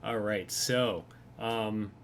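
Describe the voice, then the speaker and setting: A man acting as game master, narrating a tabletop game in a relaxed way, with fillers and easy laughter. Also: fairly low pitch, drawn-out words, a little hiss or hum.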